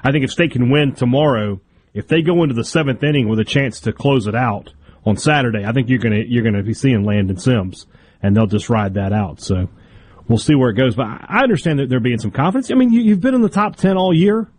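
A man co-hosting a sports talk radio show, offering analysis and quick banter. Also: mid-range voice, a little mellow, slight background noise.

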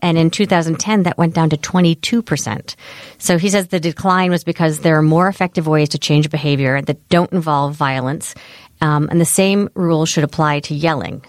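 A woman's voice: low-pitched, moderate pace, dry recording, clean studio sound. A woman cohosting a parenting podcast, chatting and steering the conversation with questions. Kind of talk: casual chat.

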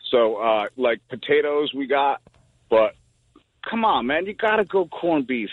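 A man's voice: medium pitch, lively intonation, measured pace, dry recording. A man calling in to a radio show by phone, laid-back and good-humored. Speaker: caller. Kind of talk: phone-in chat. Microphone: phone line. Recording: tinny phone line with faint hiss.

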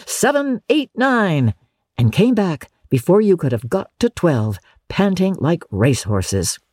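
An audiobook narrator giving a measured, expressive storybook reading in a dry studio booth. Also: medium pitch, breathy edge, dry recording.

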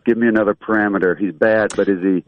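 A man's voice: lowish voice, steady tone, quick pace, dry recording. A man, a voice actor guest, chatting casually and a bit hesitantly in an interview over a tinny phone line. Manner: easygoing, hesitant, lots of ums.

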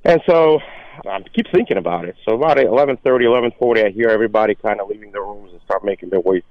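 A man from Russia, a former player, telling a lively story as a guest on a sports radio podcast. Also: fairly low pitch, racing. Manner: animated anecdote with acted quotes. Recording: dry, dull lo-fi call audio.

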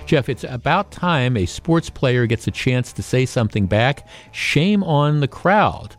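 A man hosting a radio talk show, talking casually with lots of restarts and growing animated as he goes. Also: mid-range voice, a little slow, faint music behind. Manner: conversational, with frequent restarts, and animated when quoting. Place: radio studio. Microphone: studio microphone.

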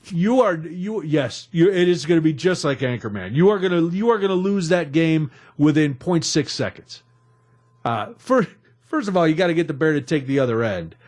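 A man's voice: a little high, expressive, normal speed, darkish tone. A man hosting a radio talk show, recapping odd news stories in a jokey, rambling way from a studio.

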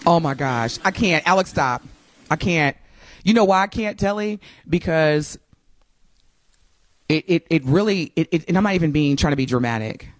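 A woman's voice: deep voice, expressive, normal speed, no echo. A woman co-hosting a talk show, chatting animatedly with exclamations and laughter. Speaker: co-host. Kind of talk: casual commentary chat.

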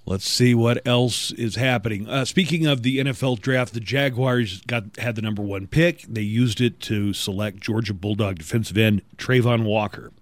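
A middle-aged man hosting a morning radio show, trading casual jokes and reading news and listings. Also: lowish voice. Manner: wisecracking, conversational, reads listings briskly.

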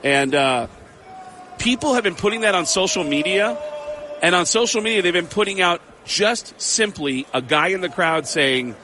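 A man who is a stand-up comedian, telling animated anecdotes and acting out the exchanges he quotes. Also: high-pitched, background noise. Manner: excitable, quick storyteller who acts out quoted exchanges.

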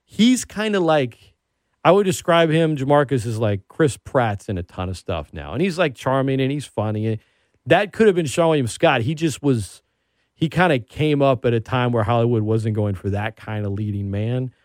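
A male radio host in casual chat, talking with lively, excitable energy at a middle pitch. The sound is dry and close, with no room around the voice. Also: normal speed, no room sound. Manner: animated, excitable storyteller.

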